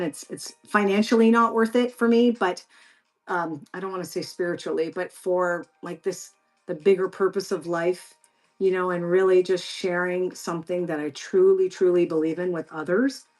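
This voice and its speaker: A woman hosting a casual live stream who speaks straight to her viewers. Her voice sits a little low, and her chat is effusive and encouraging. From Canada.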